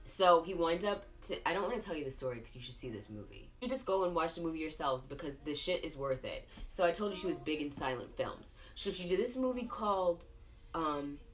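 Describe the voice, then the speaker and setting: Low-voiced tipsy woman telling film gossip. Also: lively intonation, brisk. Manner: profane, rambling, gossipy storytelling. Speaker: host. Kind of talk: tipsy casual film review. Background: music playing.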